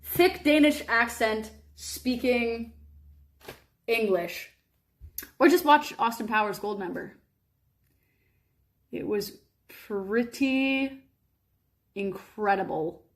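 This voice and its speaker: A woman chatting casually on a live stream, telling stories animatedly with drawn-out words, fillers and sudden high bursts.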